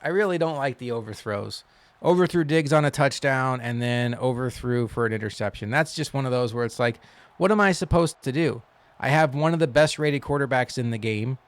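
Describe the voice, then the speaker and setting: A man giving casual commentary while playing a football video game, wry and quick to complain, then cheering loudly on big plays. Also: mid-range voice, no echo. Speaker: gaming channel host.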